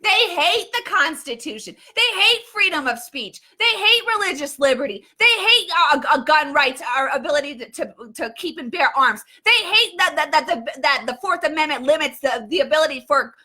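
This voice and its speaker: A woman's voice: high voice, animated, normal speed, hardly any pauses, bright, forceful tone. A woman hosting live political commentary, talking in a fervent rant full of restarts and repeats. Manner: fervent, repetitive, many restarts.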